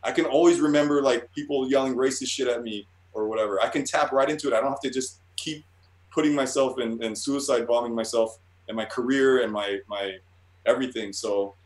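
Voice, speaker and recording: Talking a little fast with fairly even intonation, this man, a guest artist, speaks in a mid-range voice during a relaxed interview. His answers ramble, are profane, and keep restarting mid-sentence, all heard with roomy echo.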